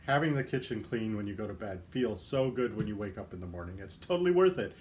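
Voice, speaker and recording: A man's voice: on the low side, lively intonation, fast talker, slight background noise. A man hosting a livestream, chatting casually with viewer comments and cracking self-deprecating jokes. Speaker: livestream host.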